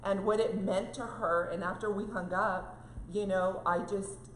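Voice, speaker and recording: A woman's voice: mid-range voice, steady tone, measured pace, roomy sound, a little hiss or hum, rough recording. A woman co-hosting a casual devotional chat, telling a heartfelt story with many fillers. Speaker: co-host.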